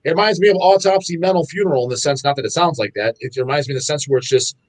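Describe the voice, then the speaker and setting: A man from a record label guests on a podcast, talking casually in a slightly high, rapid-fire voice. He's animated and profane, acting out his own reactions as he chats.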